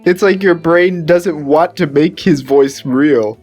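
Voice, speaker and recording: A man co-hosting a podcast in loose, casual chat. He rambles, trips over his words and repeats himself, and he laughs a lot. Faint music sits low behind him. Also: slow, darkish tone. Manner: mimics voices in high squeals when retelling. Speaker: podcast co-host.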